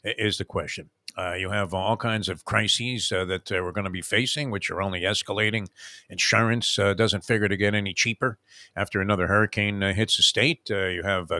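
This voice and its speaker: An older man hosting a morning radio show, telling rambling stories with lots of "uh" fillers and shouting out quoted lines. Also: lowish voice, steady tone, brisk, no room sound. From South Florida resident for over forty years. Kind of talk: casual morning radio chat.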